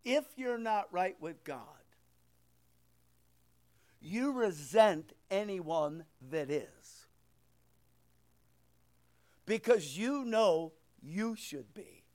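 A man's voice: sits high, lively intonation, drawn-out words, pauses often, darkish tone. A man preaching a sermon, talking to his congregation in an emphatic, conversational way full of rhetorical questions. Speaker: pastor.

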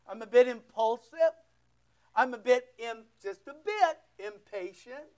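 High-voiced older male preacher, slow and loud. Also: lively intonation, clean tone. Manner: loud, emphatic, swings between shouting and quiet. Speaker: pastor. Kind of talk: sermon with prayer.

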